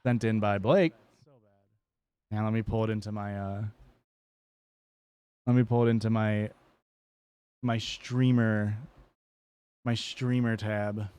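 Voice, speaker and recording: A man's voice: lowish voice, level tone, slow pace, long pauses, warm tone, clean tone, dry recording. A man streaming a game live, chatting casually and joking with chat, often swearing playfully.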